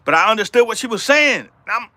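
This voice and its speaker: A man's voice: sits high, animated, a little fast, pushed and bright, no echo. A middle-aged man hosting a casual livestream, rambling and repeating himself as he greets viewers in the chat, speaking from outdoors in middle Georgia. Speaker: livestream host.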